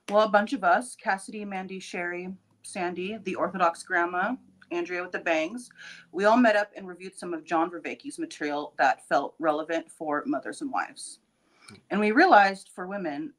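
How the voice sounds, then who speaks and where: A woman's voice: on the low side, normal speed. A woman guest in a comedy interview, answering in a dry, teasing way. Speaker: guest representative.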